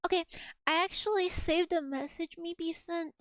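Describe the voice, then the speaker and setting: A woman's voice: very high-pitched, normal speed, a bit bright, no echo, rough recording. A young woman streaming a video game live, joking and swearing as she banters with her chat.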